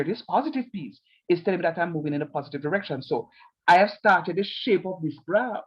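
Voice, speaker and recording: A man's voice: high-pitched, husky, muffled recording. A man teaching a calculus class, explaining step by step and repeating himself often.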